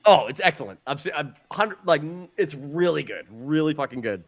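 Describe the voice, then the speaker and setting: A man co-hosting a podcast, telling stories in a profane, animated way and stumbling over repeated words. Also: fairly high pitch, fairly quick. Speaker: podcast co-host. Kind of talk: casual podcast chat.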